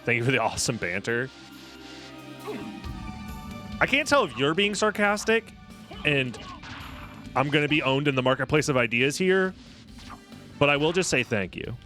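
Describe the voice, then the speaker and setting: A man's voice: on the high side, animated, normal speed, long pauses, sharp tone, faint music behind. A young man streaming a video game, chatting casually with his viewers in a snarky, sarcastic way and swearing freely. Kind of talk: casual live-stream gaming chat.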